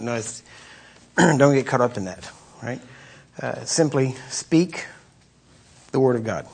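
A middle-aged man gives a casual teaching sermon, talking straight to the congregation and checking in with "right?" again and again. His voice is a little husky, and he pauses now and then to clear his throat. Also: mid-range voice. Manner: conversational, repeats "right?", clears throat often. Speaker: preacher teaching on deliverance.

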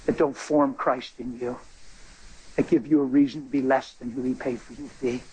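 Delivering an impassioned, emphatic spoken testimony to a church, a man swings between high cries and low murmurs. His voice is slightly rough, and the recording is low quality.

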